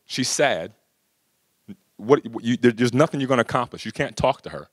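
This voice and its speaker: A middle-aged man at a workshop chats with his audience through casual stories peppered with "you know" and "right?" His pitch is fairly low and his delivery fairly quick, captured in a dry, studio-quality recording.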